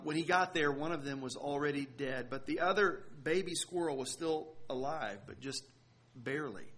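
A man preaching a sermon, telling a story earnestly, often repeating words and pausing for effect. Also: on the high side, fairly bright tone. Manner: earnest, halting with repeated words and dramatic pauses. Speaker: pastor.

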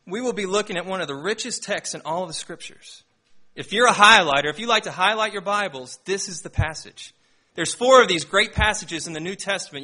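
A young man preaching a sermon, opening with a self-deprecating personal story told in an animated way. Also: high voice. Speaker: pastor.

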